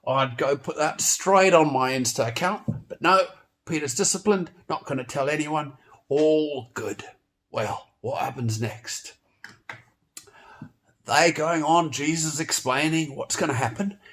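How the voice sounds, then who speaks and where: Guy doing a kids' church lesson, kinda high voice, playful and animated, lots of exclaiming. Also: measured pace. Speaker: children's church teacher. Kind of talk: storytelling Bible lesson for children.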